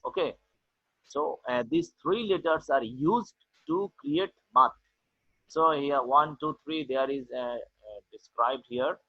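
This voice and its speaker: A man teaching an online class, explaining slowly and repeating "okay" often, with a Bangladeshi English accent. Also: medium pitch, no room sound. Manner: slow, repetitive explaining with many "okay"s. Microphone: video call. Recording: tinny online call audio.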